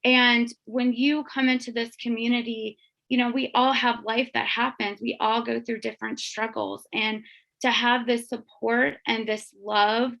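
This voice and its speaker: A woman's voice: a little high, vocal fry, fairly bright tone. A woman giving an earnest, emotional testimony on a group call. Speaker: guest sharing testimony. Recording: dull lo-fi call audio.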